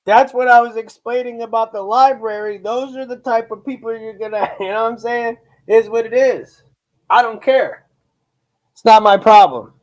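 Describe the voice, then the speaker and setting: A man's voice: very high-pitched, fairly even intonation. A man from Ohio hosting a live reaction stream. He talks casually and bluntly, swears, brags, repeats himself and uses slang like "bro" and "dude". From Lakewood, Ohio, US. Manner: slow, drawn-out talk with frequent repeats and restarts.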